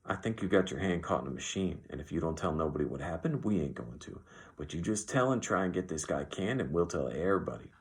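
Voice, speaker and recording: Guy reading a calm ranch driver, deep steady drawl, stern, audiobook. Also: fast. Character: calm, respected mule driver man.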